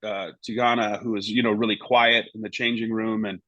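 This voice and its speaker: A man's voice: fairly low pitch, little pitch movement, a little fast, bright, forceful tone, dry recording, highs cut off. Rambling middle-aged male storyteller. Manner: rambling, full of "you know" and "right?". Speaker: guest, former goalkeeper. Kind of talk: casual anecdote telling.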